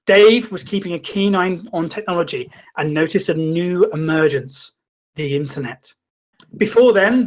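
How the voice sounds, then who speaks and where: Deadpan man, mock-solemn storyteller. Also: high-pitched. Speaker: comedy host. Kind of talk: mock-documentary comic narration.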